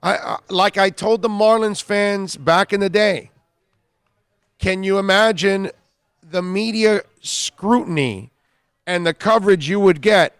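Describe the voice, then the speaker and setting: A man's voice: high voice, unhurried, fairly bright tone, smooth, dry recording. A man hosting a sports talk radio show, bluntly scolding listeners with repeated rhetorical questions.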